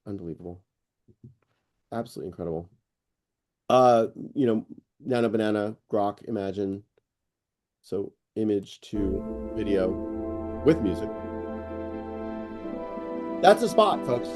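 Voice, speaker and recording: A middle-aged man hosting an online AI news session, rambling and excitable, with lots of fillers and restarts. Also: medium pitch. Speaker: host presenting AI news. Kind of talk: casual screen-share walkthrough on a live call.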